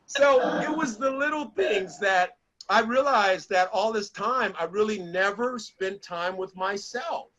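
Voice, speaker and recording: A middle-aged man giving a motivational talk to a small group, an animated storyteller who acts out the lines he quotes. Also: sits high, measured pace, dull audio. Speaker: motivational speaker.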